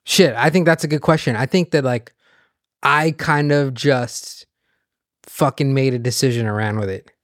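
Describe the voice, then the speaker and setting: A man's voice: medium pitch, moderate pace, no echo, clean studio sound. A man guesting on a podcast as a restaurant owner, talking loosely and profanely, often joking about himself. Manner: loose, profane, self-deprecating. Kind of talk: casual chat.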